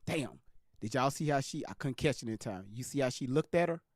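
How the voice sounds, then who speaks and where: A man's voice: medium pitch, expressive, a little fast, no room sound, studio quality. A man hosting a live stream, commenting on a clip with emphatic, repetitive direct address to his viewers.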